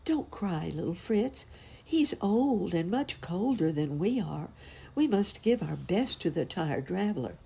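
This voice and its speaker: A woman voicing a kind, brave boy who speaks earnestly and gently in a storybook reading. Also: on the low side, expressive, unhurried, vocal fry, breathy edge, pitched above the performer's own voice, heavily acted. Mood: gentle.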